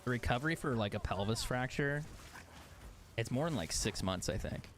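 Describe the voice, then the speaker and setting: A man's voice: mid-range voice, expressive, moderate pace, a little hiss or hum. A man streaming a video game, chatting casually, swearing often and laughing at himself. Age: adult. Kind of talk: casual chat while gaming.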